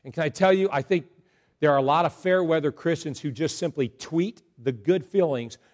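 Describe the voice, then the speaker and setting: Guy pastor preaching, kinda high voice, jokey and animated with the crowd. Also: normal speed. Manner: joking, animated storytelling to a congregation. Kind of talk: sermon.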